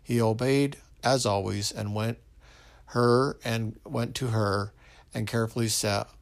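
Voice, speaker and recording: Guy reading a sad story slow, gravelly voice. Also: medium pitch, steady tone. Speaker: narrator. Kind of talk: story narration.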